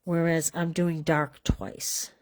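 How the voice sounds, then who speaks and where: A woman's voice: sits low, little pitch movement, slow. Chatty woman demonstrating card coloring. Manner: chatty, talks while coloring, trails off mid-sentence. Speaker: card-making class host. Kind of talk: casual live craft demonstration.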